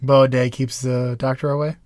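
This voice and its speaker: A man's voice: medium pitch, little pitch movement, moderate pace, darkish tone, dry recording, studio quality. A young man co-hosting a podcast in casual chat, dropping wry quips and short replies. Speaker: podcast co-host.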